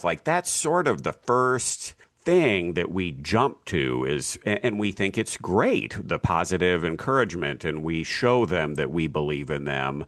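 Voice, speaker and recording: A man's voice: low-pitched, very animated, measured pace, few pauses, fairly bright tone, no echo, clean studio sound. A man co-hosting a podcast, chatting animatedly and acting out quoted voices. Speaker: podcast co-host. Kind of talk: conversational podcast talk.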